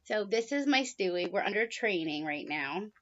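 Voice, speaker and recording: A woman's voice: expressive, moderate pace. Woman vlogger, middle-aged, casual storytelling with fillers, slightly dull home-video audio. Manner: chatty, with frequent "um"s and soft laughs; high baby-talk voice when coaxing the bird. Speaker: vlogger, pet bird owner.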